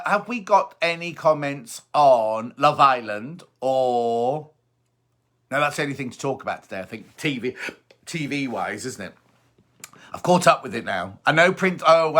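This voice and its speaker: Chatty, teasing male presenter, bright voice. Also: medium pitch. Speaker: sewing show presenter. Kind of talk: casual live chat reading viewer comments.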